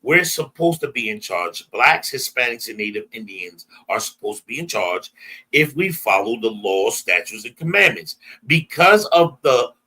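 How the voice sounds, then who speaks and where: At a moderate pace, an American man teaches a Bible class in a medium-pitched, sharp, slightly rough voice with big pitch swings. His style is emphatic call-and-response: he prompts a reader and retells scripture in everyday slang.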